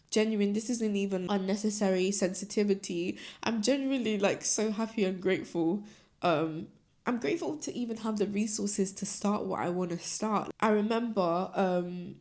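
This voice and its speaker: A woman's voice: medium pitch, darkish tone. A young woman in her twenties hosting a solo podcast, chatting earnestly and emotionally with many "like"s. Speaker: podcast host. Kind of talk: casual solo podcast chat.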